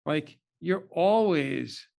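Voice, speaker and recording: Man, slightly higher voice, heartfelt storyteller, candid interview guest. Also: animated, drawn-out words, gravelly, darkish tone. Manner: earnest, emotional personal storytelling. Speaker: podcast guest.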